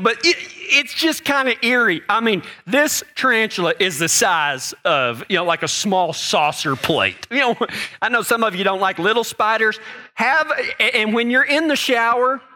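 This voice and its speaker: A man's voice: sits high, sharp tone. A man preaching a sermon in a folksy, conversational way, telling personal stories, often repeating words and checking in with "okay?" and "right?".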